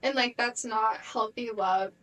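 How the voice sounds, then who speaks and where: A woman's voice: fairly high pitch, fairly even intonation, a little slow, a bit bright, rough recording. A woman in her twenties co-hosting a podcast, chatting casually with lots of fillers and acted-out quotes. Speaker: podcast co-host. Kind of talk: casual chat.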